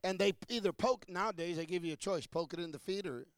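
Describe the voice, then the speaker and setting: A man preaching a sermon to a congregation, asking questions and building from low talk to shouted peaks. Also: fast, dry recording, clean studio sound.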